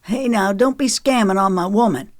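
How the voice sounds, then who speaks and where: A woman's voice: mid-range voice, normal speed, no room sound, clean studio sound, voice pushed up, natural voice. A woman narrator voicing Noah, a young man who gives playful, mock warnings.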